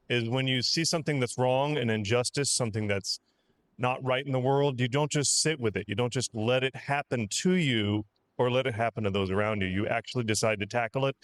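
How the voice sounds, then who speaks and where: A man's voice: medium pitch, fairly bright tone. Sincere man giving an admiring tribute. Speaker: audience member giving a shout-out.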